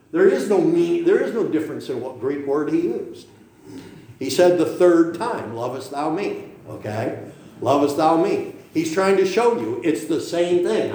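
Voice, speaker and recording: Middle-aged pastor, male, forceful sermon delivery, slightly high voice, very reverberant room. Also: slight background noise. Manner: emphatic, rhetorical questions, frequent "okay?" tags. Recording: very echoey room.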